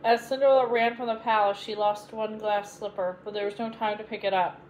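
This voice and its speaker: A woman reading a children's fairy tale aloud as a bedtime story, in a gentle, clear read-aloud manner. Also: mid-range voice, steady tone, fairly quick, a little hiss or hum, rough recording. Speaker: storybook reader.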